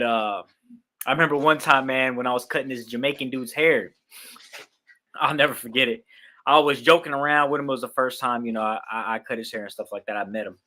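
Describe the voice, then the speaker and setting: A man's voice: medium pitch, bright, forceful tone. A young man from Queens, New York, chatting casually on a livestream about a dog raffle, rambling with lots of fillers.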